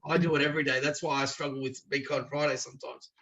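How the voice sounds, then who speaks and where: Speaking very fast with vocal fry in a medium-pitched voice, an Australian man tells stories as an interview guest. He's chatty and casual, acting out quoted dialogue with lively voices.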